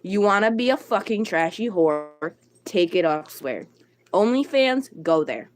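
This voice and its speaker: A female streamer vents to her chat in a blunt, annoyed rant full of swearing, calling out viewers by name as she replies. Her medium-pitched voice swings widely in pitch while keeping a measured pace.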